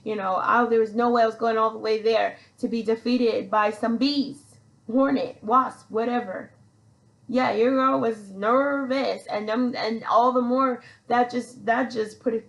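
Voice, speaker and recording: A woman's voice: fairly high pitch, fairly even intonation, normal speed, vocal fry, poor audio. A woman hosting a podcast, telling a personal story in a rambling, chatty way and calling herself "your girl". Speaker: podcast host.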